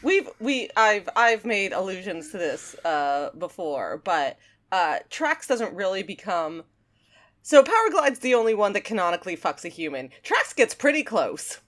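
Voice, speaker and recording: Lively woman joking on a podcast. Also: mid-range voice, moderate pace. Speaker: podcast co-host. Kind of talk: casual comedic chat.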